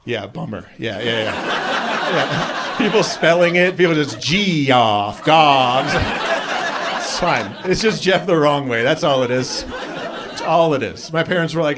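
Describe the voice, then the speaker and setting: Self-deprecating male stand-up, raised pitch. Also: a little slow, noisy background. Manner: self-deprecating, deadpan asides. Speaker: stand-up comedian. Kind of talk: stand-up comedy set. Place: comedy club stage. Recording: live club crowd audible. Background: audience laughing.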